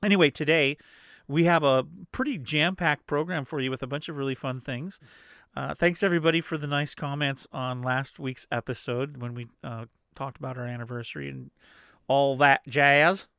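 A man's voice: mid-range voice, fairly even intonation, normal speed, gravelly, sharp tone, smooth, dry recording, studio quality. A man co-hosting a casual chat with his wife, teasing her and slipping into jokey voices. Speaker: podcast co-host.

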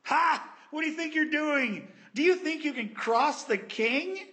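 A man's voice: very high-pitched, animated, unhurried, a bit bright, voice pushed up, heavily acted. A man putting on jeering, scornful enemy officials. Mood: mocking. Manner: jeering, taunting.

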